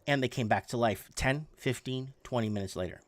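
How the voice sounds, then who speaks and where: A man in his forties telling a story in a casual, animated way, often repeating words for emphasis. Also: mid-range voice, brisk, no echo. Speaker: podcast host.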